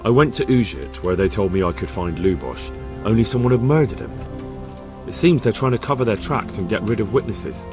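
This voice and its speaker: An actor playing an earnest young commoner in a medieval video game, polite and plain-spoken. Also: male voice, fairly low pitch, expressive, fairly quick, over music, close to an everyday voice.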